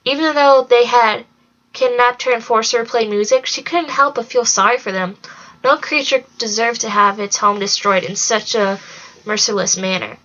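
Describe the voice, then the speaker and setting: A woman reads a storybook aloud in a bright, fairly high voice with a sharp edge, keeping an even, steady pace. The lo-fi home recording is slightly dull. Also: normal speed. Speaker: reader. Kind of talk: storybook read-along narration.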